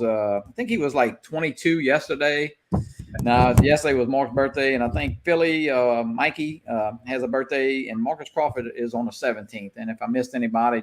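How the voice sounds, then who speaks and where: A man hosts a casual online drone show, chatting loosely to his viewers. He rambles along with plenty of fillers and restarts, and his pitch sits in an ordinary middle range. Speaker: show host. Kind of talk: casual livestream chat.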